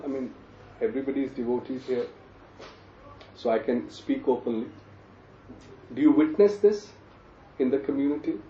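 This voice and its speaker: A man's voice: mid-range voice, a little hiss or hum. Man lecturing on scripture from across the room. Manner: animated, asks the class questions, sarcastic asides. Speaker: scripture class teacher. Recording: distant roomy lo-fi recording.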